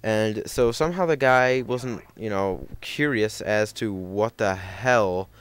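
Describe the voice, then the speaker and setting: A man's voice: on the low side, slow, slight background noise. A young man telling a rambling story over gameplay, full of fillers and self-corrections. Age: young adult. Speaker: gaming commentator.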